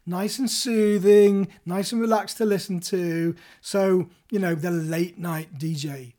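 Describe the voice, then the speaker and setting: A man's voice: high-pitched, fairly even intonation, measured pace, warm tone. Playful, chatty male podcast host. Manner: playful, chatty, addresses listeners directly. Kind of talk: solo podcast coaching talk.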